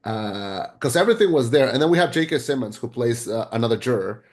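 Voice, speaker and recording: Rambling, excitable male podcast host. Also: mid-range voice, fast. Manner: excitable, rambling, swears casually. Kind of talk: casual film review chat.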